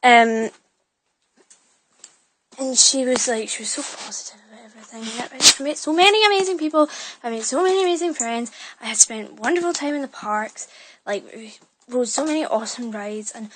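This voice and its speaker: A young vlogger chats through a rambling story in her bedroom, recorded on her phone, constantly restarting and correcting herself amid fillers. Her fairly high, slightly bright voice keeps a normal speed, and the recording quality is low.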